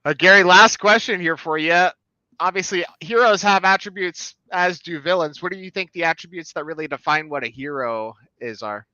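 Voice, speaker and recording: Male host, crisp bright tone, dry muffled recording. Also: high-pitched, moderate pace, no echo. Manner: reacts with short interjections. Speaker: podcast host. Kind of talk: interview hosting.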